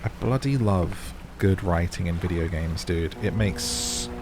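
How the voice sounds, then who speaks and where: Talking casually to his audience as he plays, this gaming channel host comments on the game and breaks into startled outbursts now and then. He has a low, unhurried voice, and the game audio plays loudly under it amid background noise.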